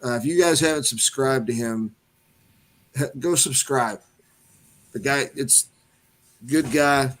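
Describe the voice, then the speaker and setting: A man in a casual group chat talking quickly and informally, with frequent fillers and restarts. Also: medium pitch, fairly bright tone. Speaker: open mic participant.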